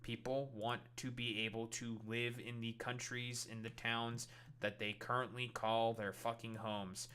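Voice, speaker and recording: A man's voice: medium pitch, level tone, measured pace, pushed and bright, a little hiss or hum. A male streamer delivering a heated, profanity-laden political rant while reacting to clips. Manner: heated, swears constantly.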